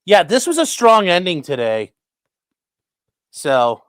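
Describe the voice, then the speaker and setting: Lively, bright-voiced man streaming commentary. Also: on the high side, a little slow, pauses often, clean tone, no echo, studio quality. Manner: profane, chatty, talks to chat and his dog. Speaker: defense attorney streamer reacting to a trial. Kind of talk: casual live-stream commentary.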